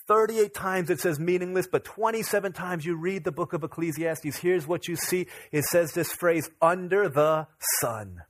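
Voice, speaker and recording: A man in his thirties, a pastor, preaching a sermon that opens with a lively family anecdote, acting out the dialogue in it. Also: high-pitched, normal speed, hardly any pauses. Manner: animated, acts out dialogue in anecdotes. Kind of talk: sermon with storytelling.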